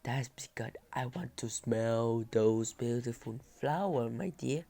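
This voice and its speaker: A woman reading the part of a sly hungry wolf in a storybook, speaking slowly and haltingly, a Vietnamese native speaker. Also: rumbling low, dark tone, exaggerated voice.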